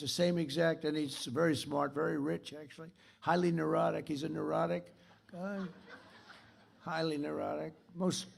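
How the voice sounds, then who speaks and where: Older man as keynote speaker, off the cuff and repetitive, rough gravelly tone. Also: fairly high pitch, a little mellow. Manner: rambling, repetitive, boastful. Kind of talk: off-the-cuff speech to an audience.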